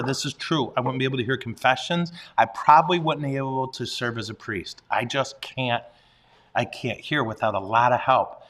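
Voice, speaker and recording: A man who is a priest, talking casually and playfully on a livestream. His voice sits at a middle pitch. He pokes fun at himself and laughs easily. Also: fairly bright tone. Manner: playful, self-deprecating, chuckles often.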